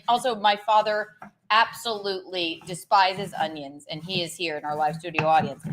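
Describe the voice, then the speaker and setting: A woman's voice: mid-range voice, steady tone, moderate pace, over music. A young woman hosting a casual cooking show, joking and chatting playfully while she cooks. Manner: playful, joking, chanting chopping sounds.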